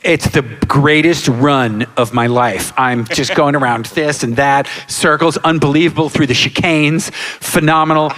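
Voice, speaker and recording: Animated man in his 60s telling stories in a hall. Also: fairly high pitch, unhurried, few pauses. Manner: animated storyteller, acts out quotes and sound effects. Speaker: guest actor on a convention panel. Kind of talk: anecdote-telling on a live panel. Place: large hall with live audience. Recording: reverberant hall.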